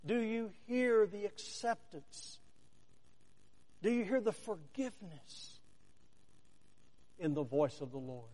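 A man preaching a sermon, deliberate and emphatic, with long dramatic pauses and rhetorical questions aimed at the listener. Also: high voice, lively intonation, darkish tone. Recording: long hall reverb.

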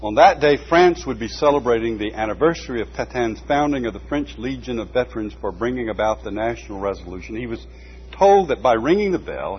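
A man reading a book aloud at a measured pace, stopping now and then for short asides. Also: medium pitch, breathy edge. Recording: dull lo-fi recording with faint hum.

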